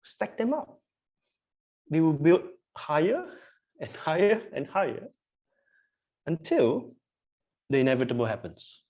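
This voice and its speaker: Husky, animated preacher. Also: mid-range voice, unhurried, long pauses. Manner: emphatic, repetitive, asks the congregation questions. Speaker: pastor. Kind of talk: sermon. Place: church.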